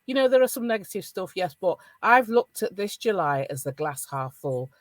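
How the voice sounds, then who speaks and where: A middle-aged woman with a Northern English accent hosts a casual roundtable over a video call. Her voice has a mid pitch and rises high when she gets excited and laughs. It sounds dry and close to the mic. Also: normal speed, dry recording. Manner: animated, laughing, encouraging. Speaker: podcast host.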